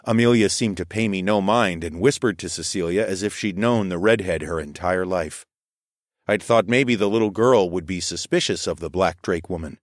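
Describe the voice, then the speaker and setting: Calm, low-voiced male narrator. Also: dry recording, clean studio sound. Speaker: narrator and lead character. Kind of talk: first-person audiobook narration.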